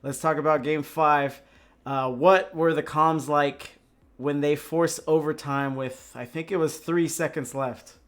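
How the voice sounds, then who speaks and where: A young man casting an esports match, shouting on big plays and then chatting loosely through a post-match interview. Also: a little high, fairly even intonation, measured pace. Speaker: esports caster.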